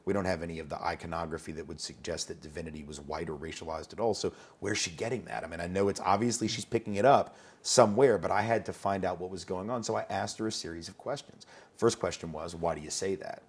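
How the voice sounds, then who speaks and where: A man's voice: sits low, steady tone, fast, breathy edge. A man being interviewed as an educator, talking conversationally and telling anecdotes, often repeating words as he starts a thought.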